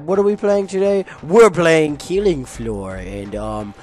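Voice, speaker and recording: Excitable young man narrating gameplay. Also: fairly high pitch, a little slow. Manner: excitable, jokey, yells at enemies. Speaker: gaming YouTuber. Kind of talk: casual gameplay commentary.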